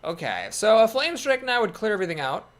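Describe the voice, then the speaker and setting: A man's voice: high voice, very animated, fairly quick. A man giving casual commentary on a card game, thinking aloud in a wry, self-doubting way. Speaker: gameplay commentator.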